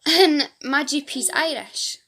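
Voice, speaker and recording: Speaking slowly in a high-pitched, pushed and bright voice, this support group founder from Fife, Scotland, addresses the camera casually. Her appeal is earnest and rambling, sometimes emotional.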